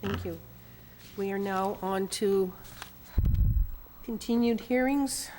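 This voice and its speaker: Brisk woman chairing a public meeting. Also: medium pitch, a little mellow, a little hiss or hum. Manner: brisk, procedural. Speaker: commission chair.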